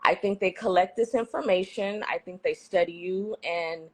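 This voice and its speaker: Relaxed woman from the Bay Area. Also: lowish voice, normal speed. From San Francisco Bay Area. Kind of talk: casual street interview.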